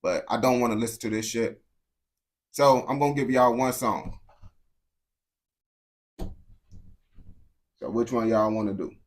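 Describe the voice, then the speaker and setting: A man's voice: medium pitch, slow, pauses often. Blunt young American man ranting to his chat. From United States. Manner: blunt, slangy, repeats words and restarts, keeps saying bro. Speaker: streamer talking to chat. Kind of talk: casual unscripted rant to viewers.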